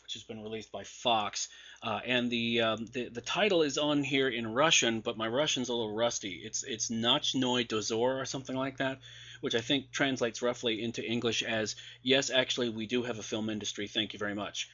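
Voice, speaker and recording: Rambling sarcastic man, bright tense voice. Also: mid-range voice, muffled recording. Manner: sarcastic, rambling, many fillers and restarts. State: losing his voice. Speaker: DVD release reviewer. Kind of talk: casual podcast commentary.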